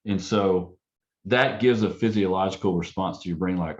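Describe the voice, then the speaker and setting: A man with a low voice speaks as a counselor, loose and conversational. He slips into a gentle, curious tone to act out what he would say to parents. The sound is dull and lo-fi. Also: moderate pace. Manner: acts out client and parent dialogue in a softer, curious tone. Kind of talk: casual panel talk.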